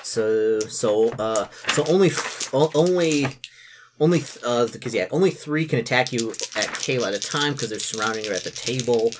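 A man's voice: medium pitch, background noise. Young man running a tabletop game. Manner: halting, many fillers and restarts. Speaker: game master.

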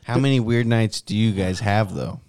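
A man's voice: fairly low pitch, normal speed, darkish tone. A man, chatting on a podcast in a laid-back way, swearing casually and trailing off. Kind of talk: casual storytelling chat.

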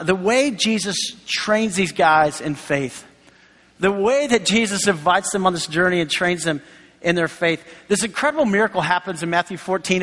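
A man's voice: high-pitched, a bit bright. A man preaching a sermon in a conversational way, acting out quoted voices along the way. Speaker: pastor. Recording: long hall reverb.

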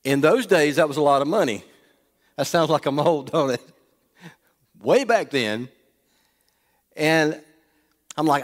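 A man's voice: fairly high pitch, lively intonation, unhurried, pauses often. A middle-aged man, preaching as he tells a humorous personal story and throws questions to the audience. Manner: folksy, asks the audience questions. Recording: long reverb of a large hall.

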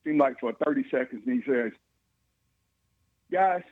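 A man, a former football player telling animated stories in an interview, chuckling often. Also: mid-range voice, quick pace, no echo. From Georgia, USA. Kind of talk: storytelling interview. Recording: phone-like line, dry.

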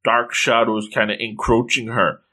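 A man giving casual, excitable commentary as he reads through a comic, with playful exclamations. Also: medium pitch, moderate pace. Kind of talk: casual read-along commentary.

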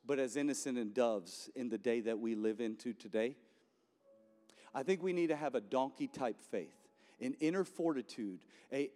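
A man's voice: mid-range voice, darkish tone, long reverb tail. A male pastor giving an impassioned, conversational sermon in a chapel and repeating his key points.

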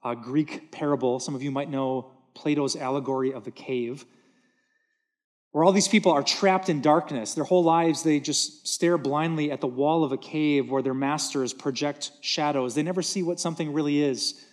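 A man delivers a sermon from a church stage in a voice pitched a little above the usual for men. He speaks earnestly and leans on repetition for emphasis. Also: normal speed. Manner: earnest, emphatic, repeating words for stress. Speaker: pastor.

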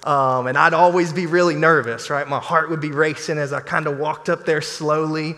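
A man preaching a sermon as pastor, in an animated, conversational style with playful asides. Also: a little high, normal speed. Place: church sanctuary. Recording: long church hall reverb.

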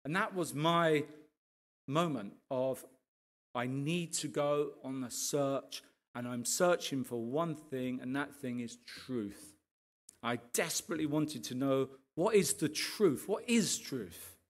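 A man, a pastor, giving a lively sermon testimony full of asides to his listeners and passionate outbursts. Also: mid-range voice, takes it slowly. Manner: animated storytelling, rising to impassioned rants with frequent asides to the audience.

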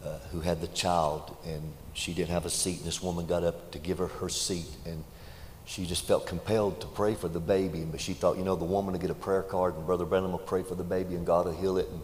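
Man, preacher, very low voice, folksy storytelling sermon, echoey hall. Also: flat delivery, fairly quick. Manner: folksy, builds to loud emotional peaks. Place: church hall. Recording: echoey hall with faint noise.

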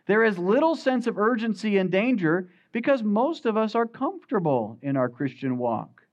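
A man preaching a sermon as pastor, swinging from loud emphatic peaks to quiet, low asides. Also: sing-song, normal speed, highs cut off.

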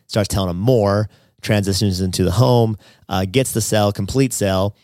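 This man co-hosts a podcast and speaks at a moderate pace in a fairly low voice. He tells casual stories with animation, voicing the people he quotes, and the recording is dry with clean studio quality.

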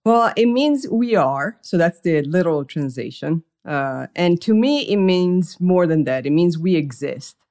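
A woman's voice: fairly low pitch, lively intonation, measured pace, few pauses, darkish tone. A woman being interviewed as a podcast guest, explaining her company in a thoughtful, reflective way. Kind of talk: interview answers.

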